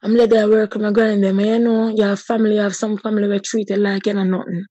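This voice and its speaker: A woman in her thirties with a Jamaican accent shares a personal testimony in a husky, mellow voice, speaking with deep feeling and drifting into patois. Her delivery is flat and fast. The recording is dry, close, and dull.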